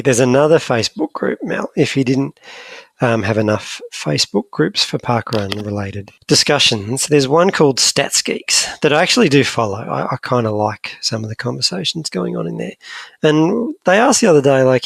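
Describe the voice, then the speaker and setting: A man with a gravelly, rough-edged voice co-hosts a podcast, his pitch bouncing up and down as he banters. His talk is casual, jokey and a little rambling. The sound is dry and close, with no room around it. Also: no echo. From Scotland. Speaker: podcast co-host. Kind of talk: casual chat.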